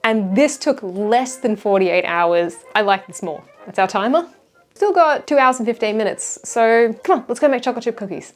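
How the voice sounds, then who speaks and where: A woman's voice: a little high, lively intonation, normal speed. A woman hosting a baking video channel, talking in a chatty, jokey, self-deprecating way. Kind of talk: casual vlog narration.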